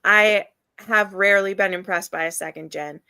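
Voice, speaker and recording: A woman's voice: medium pitch, steady tone, moderate pace, creaky, sharp tone, smooth, no room sound. A woman hosting a live reading stream, chatting casually and laughing often as she gushes about books. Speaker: readathon host.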